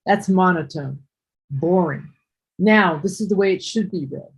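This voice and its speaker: Patient woman teacher, husky low voice. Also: rough recording. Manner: patient, explains slowly with repeats and restarts. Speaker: English teacher. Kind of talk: one-on-one online ESL lesson.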